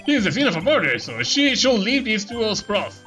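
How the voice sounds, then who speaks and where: A woman voicing a clumsy, gruff male police detective in a let's-play of a game. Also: mid-range voice, sing-song, a little fast, fairly bright tone, soft background music, pitched above the performer's own voice. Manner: gruff, blustering.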